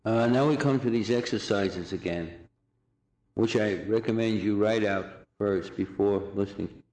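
A man giving a recorded language lesson, saying phrases slowly and repeating each one for drilling. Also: fairly low pitch, darkish tone, echoey room. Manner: slow, deliberate drilling of phrases with repetition. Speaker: language teacher.

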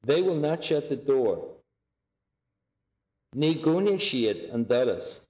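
Slow echoey male language teacher. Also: mid-range voice, very animated, a little mellow. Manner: slow, clear, repeats each phrase for learners. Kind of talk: language lesson drills.

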